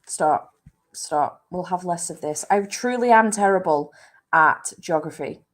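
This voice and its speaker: A woman's voice: fairly low pitch, a little slow. Chatty, sweary young woman. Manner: chatty, swears freely, self-mocking. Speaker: book channel host. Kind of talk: casual live chat with viewers.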